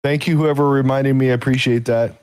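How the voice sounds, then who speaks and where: A man's voice: mid-range voice, fairly even intonation, brisk, a little mellow, clear, resonant tone, no room sound. Guy hosting a live stream, joking around, dry close sound. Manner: offhand and joking. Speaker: host of a live weekly show. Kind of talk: casual live-stream chat.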